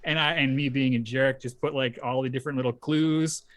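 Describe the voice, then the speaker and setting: A man's voice: medium pitch, steady tone, brisk. Easygoing man hosting a chat. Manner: laughs easily, thinks aloud while asking. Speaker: interview host. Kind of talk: casual interview chat.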